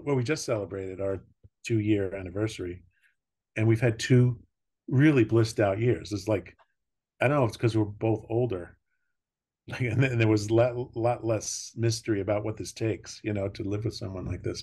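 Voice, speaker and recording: An older man with a low voice chats easily as a podcast guest. He tells personal stories with frequent laughter and drifting pauses. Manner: warm storytelling, laughing often, trailing pauses. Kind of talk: casual conversation.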